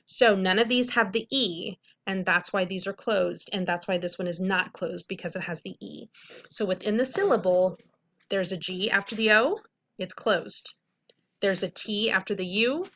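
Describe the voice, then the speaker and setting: A woman's voice: medium pitch, sharp tone. A young woman teacher patiently explaining a reading lesson to middle schoolers, checking in often. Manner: clear, patient explaining with frequent "okay?" checks.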